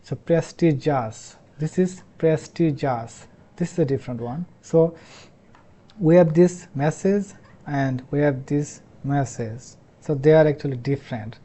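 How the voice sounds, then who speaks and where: A man from Bangladesh with a Bangladeshi accent, a Bangla speaker teaching English pronunciation in a halting way, repeating each sound many times. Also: a little high, dark tone. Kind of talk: explanatory lesson.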